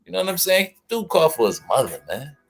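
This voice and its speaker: An animated man hosts a casual livestream and talks in loose slang, addressing his chat directly. His voice sits a little high and swings widely in pitch. Faint music plays quietly underneath. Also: quick pace, creaky, husky. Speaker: livestream host.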